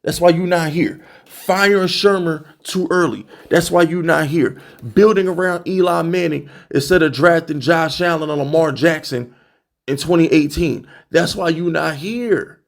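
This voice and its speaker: A man's voice: on the high side, normal speed, creaky. Fired-up man ranting about his team. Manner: animated, exasperated, repeats "bro" and rhetorical questions. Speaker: sports fan channel host. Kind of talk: heated fan rant to camera.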